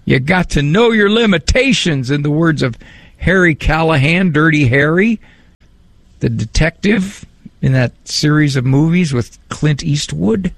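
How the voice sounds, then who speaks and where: Gravelly, animated male psychologist. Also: a little high, moderate pace, no room sound. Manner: animated, joking, conversational. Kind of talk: talk on parenting and faith.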